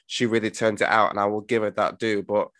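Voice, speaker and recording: A man's voice: fairly low pitch, flat delivery, brisk, a bit bright, no echo. A man co-hosting a casual film review chat, emphatic and blunt, fond of repeated rhetorical questions. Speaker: podcast co-host.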